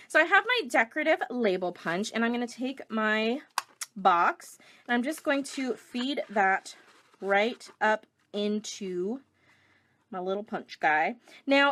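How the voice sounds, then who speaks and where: A woman's voice: on the high side, fairly bright tone. A middle-aged woman demonstrating a paper craft project live, chatting and greeting viewers between steps. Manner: chatty, reads viewer comments aloud.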